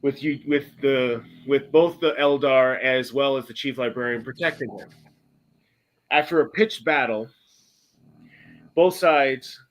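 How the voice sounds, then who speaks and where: A man hosting a podcast, casually retelling a story in a rambling way, correcting himself often and breaking into bursts of excitement. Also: medium pitch, a little slow, long pauses. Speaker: podcast host.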